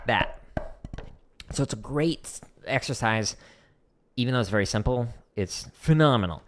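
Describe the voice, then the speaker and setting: Relaxed man explaining drum technique. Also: mid-range voice, normal speed, pauses often, very noisy. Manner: relaxed, explanatory, talks while demonstrating. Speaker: drum teacher streaming practice. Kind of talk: casual livestream instruction.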